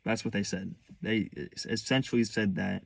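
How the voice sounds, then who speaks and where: Young male vlogger, low fry-heavy voice, dry close sound, candid halting storytelling. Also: steady tone, no echo. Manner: halting, restarts often, earnest and hurt.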